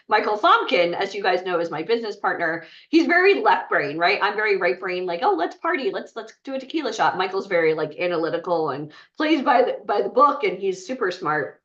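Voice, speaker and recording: A woman's voice: fairly low pitch, expressive, moderate pace, a bit bright. A woman giving a blunt, chatty motivational talk to an audience, often asking the room questions. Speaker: bootcamp speaker. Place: event room. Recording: muffled sound from far off.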